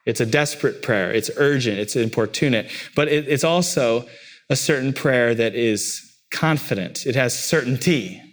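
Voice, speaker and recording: A man's voice: mid-range voice, moderate pace. A pastor delivering a sermon, repeating phrases emphatically and lifting his voice on key words.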